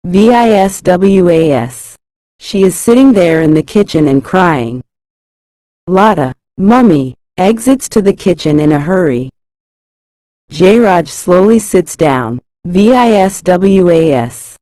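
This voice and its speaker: Woman reading a play script aloud, spells names letter by letter, slow and low, dry close sound. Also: animated, dark tone, no room sound, rough recording. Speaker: play reader.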